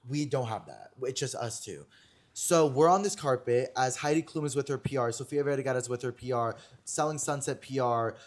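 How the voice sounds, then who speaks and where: Young male podcast host, chatty gossip tone, mid-pitched voice, casual storytelling. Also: a little fast. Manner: gossipy, animated storytelling with many "like" fillers. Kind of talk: casual chat.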